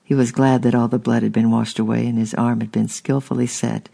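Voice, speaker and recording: A man's voice: medium pitch, flat delivery, fairly quick, creaky, warm tone. A man narrating a storybook steadily and unhurriedly, with small restarts. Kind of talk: audiobook narration.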